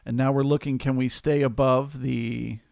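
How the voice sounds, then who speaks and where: A man hosting a live trading stream, calmly explaining his reasoning and answering questions from the chat. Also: medium pitch, moderate pace, creaky, clear, resonant tone, no echo, studio quality. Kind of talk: live market commentary.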